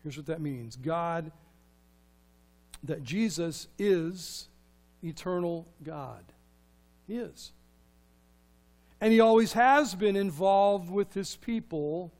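High-voiced preacher. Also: male voice. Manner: animated, asks the congregation rhetorical questions, swings from loud to hushed. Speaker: pastor. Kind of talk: sermon.

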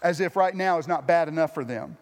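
High-voiced preacher in a reverberant hall. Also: male voice, fairly quick. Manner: earnest, repeats and restarts phrases for emphasis. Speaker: pastor. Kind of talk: sermon.

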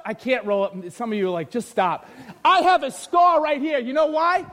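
High-voiced man preaching a shouting sermon. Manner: animated, often shouting, joking storyteller. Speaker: pastor. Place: church hall with bleachers.

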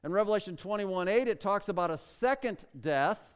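A man preaching a sermon in a slightly high, smooth, resonant voice, pressing hard on key words and firing rhetorical questions at his listeners. His voice rings out with the long reverb of a large hall. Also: expressive, moderate pace. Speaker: pastor.

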